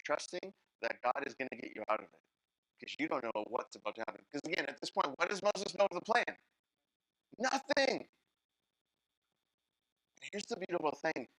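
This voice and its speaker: A man preaching a sermon as a guest pastor, telling the story in an animated way and acting out the characters' lines while talking straight to the congregation. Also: on the high side, normal speed, long pauses, dry recording, rough recording. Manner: animated storytelling, acts out Bible characters in voices; talks to the congregation directly.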